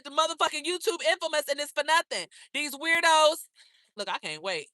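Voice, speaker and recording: A woman with a bright, forceful voice, a little high, trash-talking and gossiping on a live stream. She is brash and profane and keeps calling the viewers girl, baby and honey. Her voice sounds close and dry. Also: no room sound. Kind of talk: casual chat with viewers.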